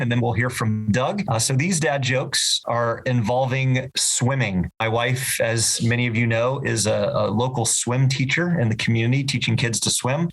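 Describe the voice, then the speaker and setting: A man's voice: medium pitch, creaky, a bit bright. A man co-hosting a local podcast in a casual, upbeat chat, telling corny dad jokes. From Florida. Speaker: podcast co-host.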